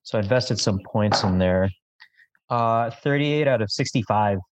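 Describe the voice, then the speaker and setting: A man's voice: lowish voice, normal speed. A man playing a tabletop role-playing game, thinking aloud with frequent restarts. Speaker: player. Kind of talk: casual tabletop play.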